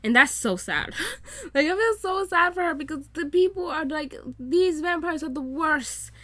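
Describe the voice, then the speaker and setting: A woman giving casual reaction commentary on a show, excitable and swearing freely. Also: high voice, moderate pace. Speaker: reaction YouTuber.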